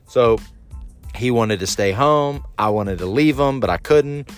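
A man's voice: medium pitch, a little slow, clean tone, faint music behind. A man in his thirties hosting a solo podcast, talking candidly and critically about himself, and now and then acting out his own angry outbursts. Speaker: podcast host.

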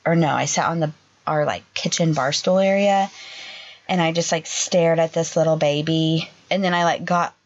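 A young adult woman, a podcast co-host, tells an emotional personal story in a halting way, full of "like" fillers. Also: low voice, steady tone. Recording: dull lo-fi sound.

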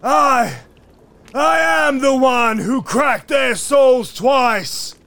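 A man playing a devout wizard narrating his tale in a solemn, mock-epic way, at times shouting proclamations. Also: extremely high pitch, very slow, gravelly, exaggerated voice. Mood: ecstatic shouting. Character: wizard narrator, devout, obsessive, later frenzied. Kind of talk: first-person dramatic storytelling.

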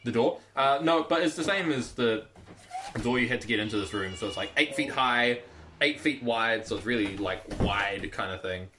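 A man's voice: medium pitch, expressive, moderate pace, noisy background. Chatty man running a tabletop game. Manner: loose, chatty, full of fillers. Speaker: game master.

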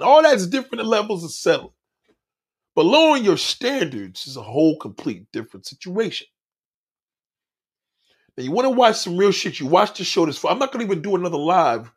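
Husky, lively man ranting bluntly. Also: high voice, a little fast. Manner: blunt and profane, preachy, lively. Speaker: podcast host. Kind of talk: casual monologue on a livestream.

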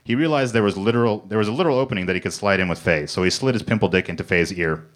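A man reading comic fiction aloud in a mock-serious deadpan on a comedy club stage. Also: lowish voice, rapid-fire, a little hiss or hum. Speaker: comedy reader.

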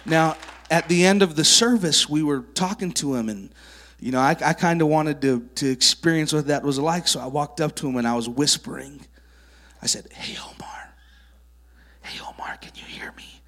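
Speaking at a moderate pace in a fairly high voice, a male preacher shares miracle testimony stories in a church sanctuary. It's a kids camp sermon, and he animatedly brings up child volunteers to help.

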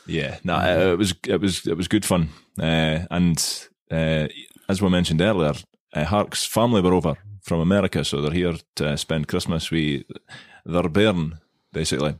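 A Scottish man with a very low voice spins a rambling, self-mocking tale for his podcast co-host. He talks in a loose, chatty way, and the recording is dry and close. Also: steady tone, normal speed, few pauses, no echo. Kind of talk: casual storytelling chat.

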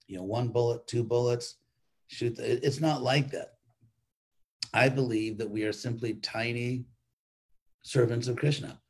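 An older man, a monk, giving an informal weekly class in a rambling, conversational way with frequent restarts. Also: mid-range voice.

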